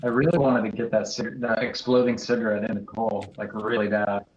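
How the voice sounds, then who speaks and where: A man's voice: fairly low pitch, little pitch movement, a little fast. A man co-hosting a stream, chatting casually and eagerly explaining his moves in a text game. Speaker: writer and stream co-host. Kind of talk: casual chat while playing a text game. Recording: dull lo-fi mic.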